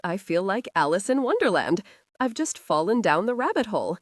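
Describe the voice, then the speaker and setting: A woman's voice: medium pitch, very animated, moderate pace, no echo, studio quality. A woman reading the part of a young female FBI agent, earnest and strained. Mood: tired.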